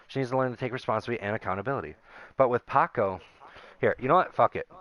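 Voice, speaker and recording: A man's voice: lowish voice, fast talker, a bit bright. A young man venting casually to his viewers, rambling and aggrieved as he reads out old messages. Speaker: gaming YouTuber. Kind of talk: casual vent to camera.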